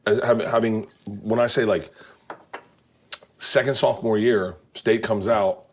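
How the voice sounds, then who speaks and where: A man hosting a casual chat in his home kitchen, telling loud stories peppered with swearing and shouted impressions. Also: lowish voice, steady tone, a little slow. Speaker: host.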